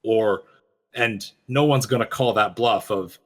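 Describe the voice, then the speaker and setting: A man's voice: on the low side, unhurried. A man co-hosting a podcast, talking casually about a game cinematic in a rambling way with frequent restarts and fillers. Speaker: podcast co-host.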